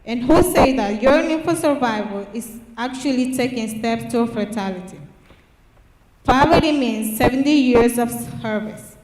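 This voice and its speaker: A teenage girl reading her own poem aloud at a public reading, earnest and halting with restarts. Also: on the high side, darkish tone, a little hiss or hum. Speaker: student writer. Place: church hall at a public reading. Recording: echoey church hall from far off.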